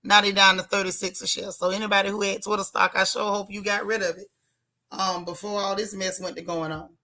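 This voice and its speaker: A woman's voice: medium pitch, flat delivery, a little fast, pushed and bright. A woman hosting a casual livestream, reading chat comments aloud and teasing her viewers. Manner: chatty, teasing, dramatic exclamations. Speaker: vlog host reading chat.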